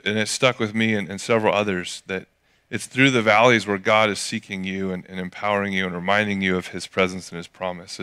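A man from California delivers a sermon with an easygoing, storytelling feel. His voice is bright and forward, with a smooth, clear tone. Middle-aged, he drops in jokey asides as he talks. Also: lowish voice. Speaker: pastor.

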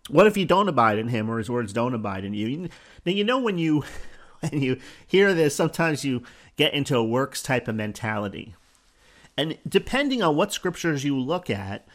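A man giving a spoken Bible teaching on his podcast, earnest, quoting scripture and pushing key words up with emphasis. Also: medium pitch. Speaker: podcast preacher.

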